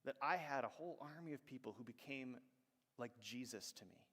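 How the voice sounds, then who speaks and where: A man's voice: mid-range voice, a little fast, a bit bright. Casting note: male pastor, storytelling sermon, ringing church reverb. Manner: conversational storytelling, acts out quoted voices. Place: church sanctuary.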